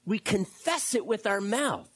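Slow, husky, animated preacher. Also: medium pitch, no room sound. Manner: animated, repeats words, drops to a hush for quotes. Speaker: pastor. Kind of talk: sermon.

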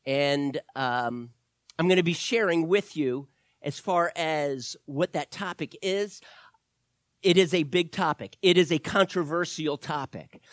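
Animated male pastor telling a story. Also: on the high side, dry recording, clean studio sound. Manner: storytelling with animated quoted voices, rising and loud at peaks. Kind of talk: sermon.

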